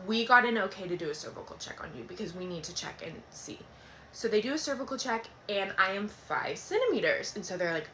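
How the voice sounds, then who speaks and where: A young woman telling a dramatic personal story in a casual storytime, animated and swearing freely. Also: mid-range voice, brisk, slight background noise.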